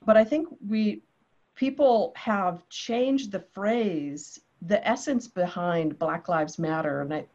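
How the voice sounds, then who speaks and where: A woman's voice: mid-range voice, slow pace. A woman speaking in a heartfelt, reflective way in a panel discussion. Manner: heartfelt, reflective, quotes others in lively voices. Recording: dull lo-fi audio.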